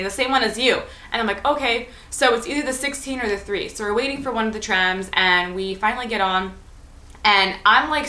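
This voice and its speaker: Young woman vlogger, bit high, bright voice, rambly storytime at home. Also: reverberant. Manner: chatty, animated retelling with lots of fillers. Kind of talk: storytime vlog.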